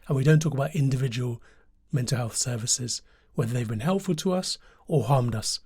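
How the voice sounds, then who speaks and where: A man hosting a podcast, introducing the episode and interviewing a guest in a calm, reassuring way. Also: medium pitch, brisk, few pauses, slightly rough. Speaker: podcast host.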